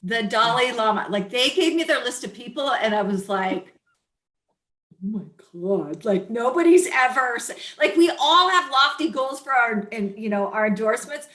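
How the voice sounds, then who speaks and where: A woman hosting an interview podcast, chatty and quick to laugh. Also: a little high, animated, a bit bright, roomy sound. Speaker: podcast host.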